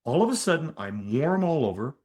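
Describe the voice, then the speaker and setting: An older man, a physician and energy healer, telling a story as a podcast guest in an animated, emphatic way with asides to the listener. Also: a little high, fairly quick, slightly rough. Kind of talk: conversational storytelling in an interview.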